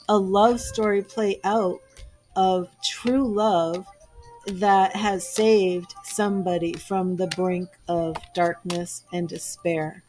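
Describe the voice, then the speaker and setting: A woman's voice: medium pitch, fairly even intonation, slow, darkish tone, faint music behind. A woman giving a live tarot reading, talking earnestly and gushing with emotion, a little teary-eyed. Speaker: tarot reader.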